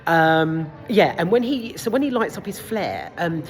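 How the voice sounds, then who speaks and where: A woman's voice: fairly low pitch, very animated, measured pace. A woman giving a casual, rambling film review in a cinema foyer, full of side notes and the odd swear word.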